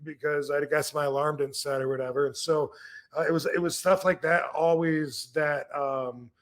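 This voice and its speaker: Podcast host, man in his fifties, relaxed rambling storyteller, slightly higher voice. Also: normal speed. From Michigan, USA. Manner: rambling, with many restarts and fillers. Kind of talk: casual storytelling.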